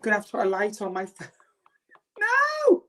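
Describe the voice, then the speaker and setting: A woman's voice: mid-range voice, little pitch movement, very fast. A middle-aged woman hosting a makeup live stream, theatrical and self-mocking, greeting viewers by name.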